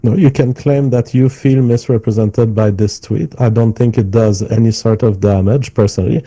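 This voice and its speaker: A man with a French accent, calmly and deliberately defending himself in a live-stream debate. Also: fairly low pitch, no echo, rough recording. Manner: calm, measured, deliberate. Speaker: stream guest.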